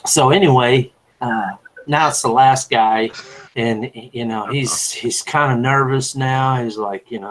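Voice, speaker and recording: A man's voice: mid-range voice, unhurried, low-quality recording. A man on a panel telling a long story in a loose, rambling way, filling his talk with "you know". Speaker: panel guest. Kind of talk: casual storytelling.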